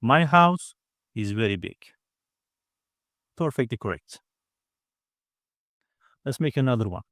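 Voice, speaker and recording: A man teaching a grammar lesson, explaining patiently step by step and repeating words slowly. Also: mid-range voice, sing-song, a bit bright, dry recording, studio quality. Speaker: language teacher.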